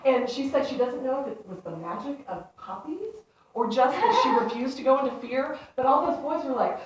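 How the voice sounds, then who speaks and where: A woman's voice: fairly high pitch, expressive, normal speed, a bit bright, distant mic, a little hiss or hum. A woman giving a playful inspirational talk to a congregation, telling stories with laughter and acting out voices. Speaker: speaker. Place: church hall. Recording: echoey hall, speaker away from the mic.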